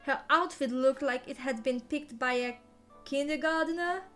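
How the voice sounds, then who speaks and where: A woman's voice: high voice, measured pace, fairly bright tone, faint music behind. A woman reading a novel aloud in the first person, playful and theatrical. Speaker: reader.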